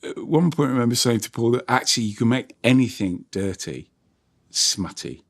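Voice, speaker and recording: Husky man reminiscing about comedy. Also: mid-range voice, lively intonation, moderate pace. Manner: chuckling, slips into character voices. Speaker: comedy performer interviewee. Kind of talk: reminiscing interview.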